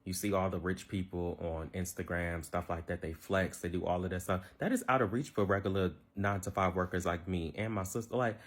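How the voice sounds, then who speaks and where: A man in his twenties rants into his phone camera on social media, frustrated, rambling, and full of fillers. His voice is low and a little fast, with hardly any pauses.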